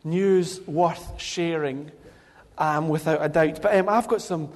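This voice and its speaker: A man leading a children's talk in a church service, speaking gently and playfully and calling children by name, into a handheld microphone. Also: a little high, slow. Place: church hall with congregation. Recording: reverberant hall.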